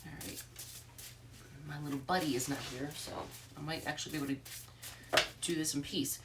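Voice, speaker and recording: A woman's voice: low-pitched, fairly even intonation, moderate pace, distant mic, noisy background. A congested woman giving a casual, rambling tarot reading, full of fillers and restarts. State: congested from allergies. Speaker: tarot reader.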